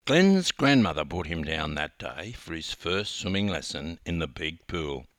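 An older Australian man, a former swim coach, reading his own memoir aloud with wry, animated storytelling. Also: deep voice, measured pace, dry recording, studio quality.

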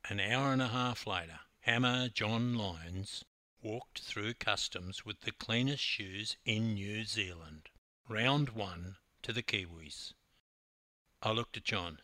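Older man, Australian accent, storytelling narration, slow, dry close sound. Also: fairly low pitch, no room sound. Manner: wry, lively storyteller. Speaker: swimming coach.

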